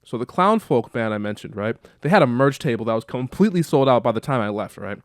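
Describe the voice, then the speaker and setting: A man's voice: medium pitch, animated, fast, no room sound, studio quality, natural voice. A man voicing a bossy, scheming young woman who manages a convenience store and talks people into her plans. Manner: pushy, upbeat, persuasive.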